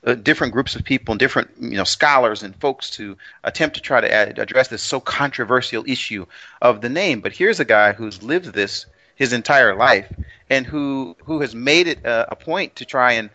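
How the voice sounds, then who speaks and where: A man's voice: mid-range voice, normal speed, sharp tone, no room sound. A man talking hesitantly in casual podcast chat, with many fillers and restarts. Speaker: co-host. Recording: dry close lo-fi audio.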